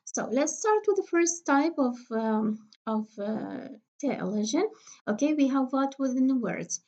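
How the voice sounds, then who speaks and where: A woman with a somewhat high voice gives a recorded lesson on English pronunciation. She speaks patiently, with frequent fillers, and slowly repeats each example word. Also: animated, darkish tone. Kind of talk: recorded phonetics lecture.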